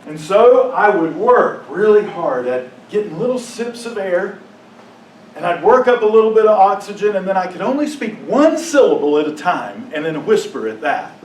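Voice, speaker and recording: Speaking to a congregation in a high, sing-song voice, a man shares his testimony emotionally, breaking into impassioned outbursts and falling to a hushed, halting tone when it gets painful. There's slight background noise, an echoey room and a distant mic.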